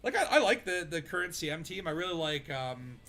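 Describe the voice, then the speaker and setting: A man's voice: on the high side, sing-song, fairly quick, gravelly, pushed and bright. A man hosting a casual gaming stream, rambling along with lots of fillers while narrating his own gameplay. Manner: rambling, filler-heavy, chatty. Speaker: streamer host.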